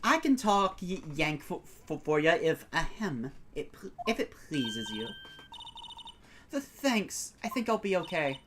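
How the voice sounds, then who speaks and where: A sassy young Southern woman photographer, as a woman with a Southern accent puts her on. She drawls and trips over a stutter, with lively swings in pitch. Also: a little slow, slight background noise.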